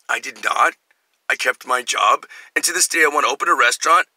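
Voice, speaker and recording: A man's voice: a little high, brisk, dry recording, low-quality recording. A middle-aged man telling rambling personal stories as a vlogger, jumping between tangents and acting out quotes. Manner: animated, jumps between tangents, acts out quotes. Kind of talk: rambling personal storytelling monologue.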